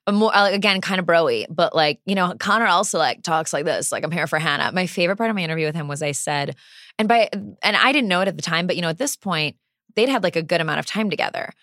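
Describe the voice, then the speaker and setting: Slightly low, bright-toned woman podcast guest. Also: quick pace, no room sound, studio quality. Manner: animated storyteller, laughs often. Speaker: podcast guest, entertainment reporter. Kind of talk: casual chat.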